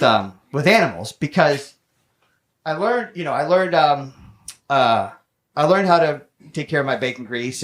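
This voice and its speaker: A young man doing stand-up comedy, telling a self-mocking story in quick, animated bursts with some swearing, on a comedy stage with a handheld mic. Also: medium pitch. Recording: loud background noise with audience laughter.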